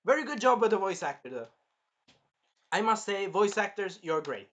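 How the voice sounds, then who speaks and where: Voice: medium pitch, very animated, moderate pace. A person giving a casual, rambling spoken review of an anime episode, swearing freely and drifting off topic. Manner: rambling, profane, jumps into loud impressions of characters.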